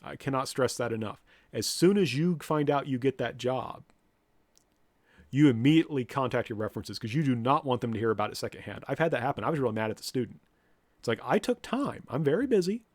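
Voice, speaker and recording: A man's voice: mid-range voice, fast talker, no echo. A man, a professor, lecturing students bluntly and directly, now and then acting out what people say. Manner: blunt, direct, with lively mock-quotes.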